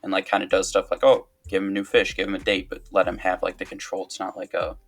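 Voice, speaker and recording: A man with a low, gravelly voice speaks as a podcast co-host. He works his thoughts out aloud, hesitant and full of fillers. Faint music plays underneath. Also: completely flat delivery, fast. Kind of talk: casual chat.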